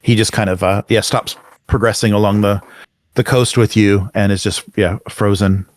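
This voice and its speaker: A man running a tabletop game as game master. He narrates in a halting, stop-start way. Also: fairly low pitch, steady tone.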